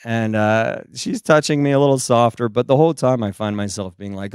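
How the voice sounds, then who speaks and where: A male stand-up comedian from Seattle with a smooth, clean voice. He is recorded close and dry, with almost no room sound. He tells his story with animated energy and keeps leaping into squeaky high voices when he plays the people in it. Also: normal speed, hardly any pauses, no room sound. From Seattle, USA.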